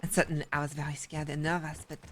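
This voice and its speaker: A woman's voice: low-pitched, level tone, quick pace, a little hiss or hum, natural voice. A woman playing a prim French busybody artist. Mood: fretful. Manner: prim, formal speech without contractions, gossipy complaining. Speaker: roleplay character. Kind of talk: in-character roleplay chat.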